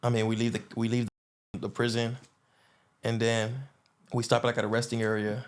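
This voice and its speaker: Guest storyteller, male, mid pitch, loose slangy delivery with lots of fillers. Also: normal speed. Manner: animated, acts out others' lines, slangy, frequent restarts and fillers. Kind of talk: casual storytelling.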